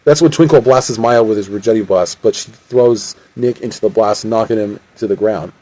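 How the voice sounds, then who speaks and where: A man narrating an amateur audiobook in a flat, stilted read-aloud way. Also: on the low side, normal speed, poor audio.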